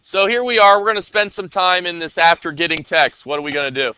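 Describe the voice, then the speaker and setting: A man's voice: sits high, steady tone, quick pace, pushed and bright, clean tone, no echo. A man teaching a classroom coding lesson, talking casually and often checking that his students are following.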